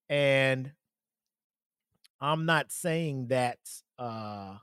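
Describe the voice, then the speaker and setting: Man, solo podcast host, loose and profane, middle pitch, dry close sound. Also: lively intonation, measured pace, dry recording. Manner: profane, laughs often, rambling with fillers. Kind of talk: casual solo podcast commentary.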